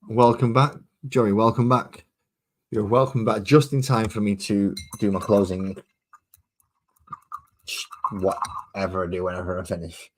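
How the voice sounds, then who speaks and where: Manc guy kinda low voice, just rambling to his stream chat while painting minis. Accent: Mancunian. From Manchester, England. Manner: rambling and chatty while working. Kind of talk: casual live-stream chat.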